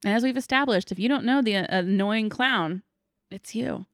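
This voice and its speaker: A woman's voice: on the high side, moderate pace, no room sound. Woman podcast cohost, blunt and casual, swears a bit, dry close sound. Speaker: podcast co-host. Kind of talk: casual chat.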